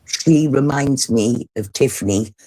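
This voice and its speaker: A bass-voiced middle-aged woman from the UK speaks a little slowly while hosting a livestream. Her casual story comes out blunt and animated, thick with swearing.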